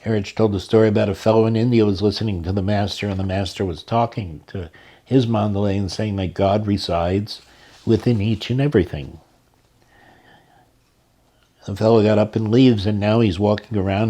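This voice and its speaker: A man telling spiritual stories in a calm, measured way. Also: fairly low pitch. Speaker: storyteller. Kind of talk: spoken story narration.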